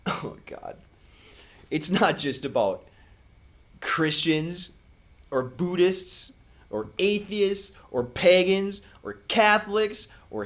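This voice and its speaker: A man giving an impassioned spiritual monologue to camera as a vlogger, earnest and preachy, with long dramatic pauses. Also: high voice, a bit bright.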